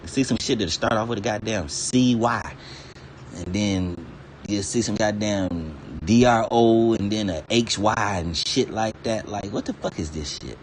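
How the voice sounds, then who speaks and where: Man, lowish voice, loose profane rambling rant, streamer energy, faint background noise. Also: a little slow. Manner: profane, laughs between lines, digresses freely.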